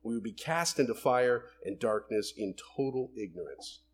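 A man preaching a sermon, explaining scripture in an animated way and acting out the voices in his quotes. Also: mid-range voice, moderate pace. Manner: animated, acts out voices of people and God in quotes.

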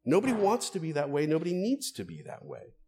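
A man's voice: fairly high pitch, huge pitch swings, quick pace, mellow, husky. A man, a pastor, preaching an earnest, conversational sermon and asking his listeners rhetorical questions.

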